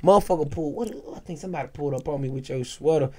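A young adult man, a comedian co-hosting a podcast, talking in rowdy, rapid slangy chatter with chant-like repetition. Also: a little high. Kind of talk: casual podcast banter.

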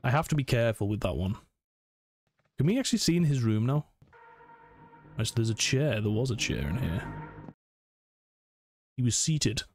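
A man's voice: mid-range voice, big pitch swings, moderate pace, long pauses, a little mellow, slight background noise. Jumpy man narrating a horror game. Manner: jumpy, self-narrating, talking himself through scares. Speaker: gaming channel host. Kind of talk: horror let's play commentary.

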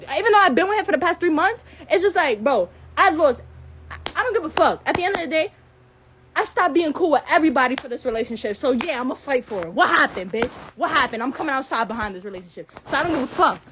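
High-voiced, heated 18-year-old woman ranting. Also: lively intonation, fast talker, background noise. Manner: heated, profane, repeats phrases, stutters when upset. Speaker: live streamer. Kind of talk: angry rant on a live stream.

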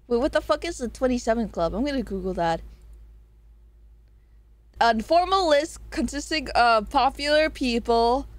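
Young woman streamer, giggly and sweary, kinda high voice, a bit hoarse, dry close mic. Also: no room sound. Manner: giggly, swears a lot, jokey asides. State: voice getting hoarse. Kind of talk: casual stream chat reading viewer messages.

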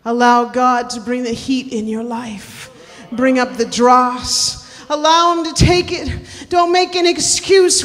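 A woman preaching a sermon to a church, impassioned, rising to shouted and sung cries. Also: high voice, fairly even intonation, slow. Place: church sanctuary. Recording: long hall reverb.

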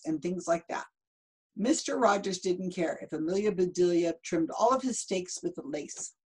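A woman's voice: on the low side, normal speed, a little mellow, husky, poor audio. A woman in her fifties reading a children's book aloud, stopping for chatty asides about the pictures. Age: 50s. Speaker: storybook reader.

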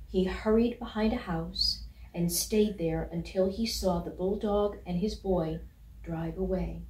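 A woman reads a children's picture book aloud, gentle and measured, at an unhurried pace with a somewhat low voice. The sound is roomy and a little distant from the mic. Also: fairly even intonation. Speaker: storybook reader.

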